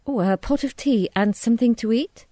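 A woman's voice: fairly high pitch, moderate pace, mellow, no echo, studio quality, voice pushed up, natural voice. A woman voicing a polite, hesitant mother in a storybook reading. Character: anxious polite mother visiting a village.

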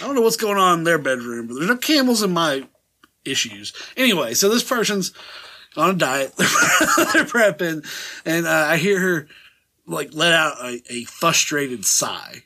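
A man's voice: fairly high pitch, big pitch swings, measured pace, sharp tone. A man co-hosting a casual podcast, telling a work story with lots of laughter and swearing. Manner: laughs often while telling stories, swears freely. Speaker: podcast co-host.

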